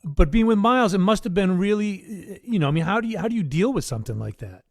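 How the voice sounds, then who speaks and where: Easygoing male interviewer, slightly higher voice, laughs along with his guest. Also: quick pace. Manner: relaxed, encouraging, laughs along. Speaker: host. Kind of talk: casual interview.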